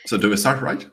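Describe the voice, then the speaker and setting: Low-voiced man with a Russian accent. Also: fairly bright tone. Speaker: co-host, teacher.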